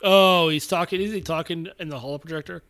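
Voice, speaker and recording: A man with a voice pitched a bit high chats casually as a podcast co-host. He rambles, cracks jokes and swears casually while talking through a list. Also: fairly even intonation, quick pace, a bit bright. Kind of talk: casual chat.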